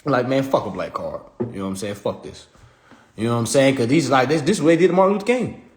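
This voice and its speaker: A man's voice: medium pitch, lively intonation, quick pace, a little mellow, slight background noise. A young man from South Carolina, talking in a casual, profane livestream monologue and laughing often. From South Carolina, USA. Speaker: livestream host. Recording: roomy echo.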